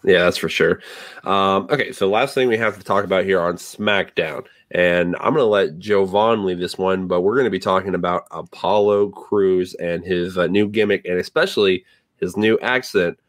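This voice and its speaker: A man co-hosting a casual wrestling podcast in a relaxed way, steering between segments. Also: low voice, normal speed, dry recording, studio quality. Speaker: podcast co-host.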